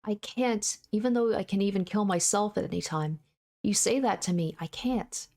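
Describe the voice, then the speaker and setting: A woman voicing a tearful, guilt-ridden young woman, reading a visual novel aloud in a higher, pleading voice. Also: moderate pace, darkish tone, natural voice. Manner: higher, sobbing, pleading delivery.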